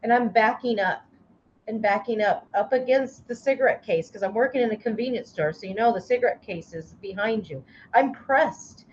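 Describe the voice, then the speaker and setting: A woman guest, a life coach, telling a personal story in an interview with intense emotion and halting restarts. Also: a little high. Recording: slightly dull, lo-fi sound with faint noise.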